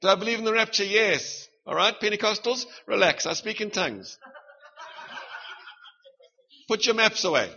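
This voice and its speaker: A man's voice: high-pitched, expressive, brisk, sharp tone, dull audio. A middle-aged man with a South African accent preaching a sermon, punchy and humorous, firing rhetorical questions at the congregation.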